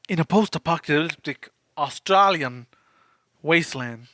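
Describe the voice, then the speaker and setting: A man co-hosting a podcast in playful, teasing banter with quick laughs. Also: on the high side, fairly bright tone, no room sound. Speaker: podcast co-host.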